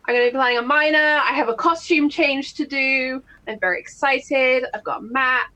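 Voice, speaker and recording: A woman tabletop game player chatting in an upbeat, quick way. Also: high-pitched, fairly even intonation, pushed and bright. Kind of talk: casual chat about a tabletop game.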